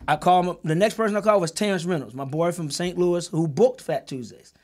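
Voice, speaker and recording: High-voiced man telling a heated story. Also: fast talker. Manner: emphatic, repeats words and restarts, swears freely. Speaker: documentary creator and executive producer. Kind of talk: heated storytelling in a group conversation.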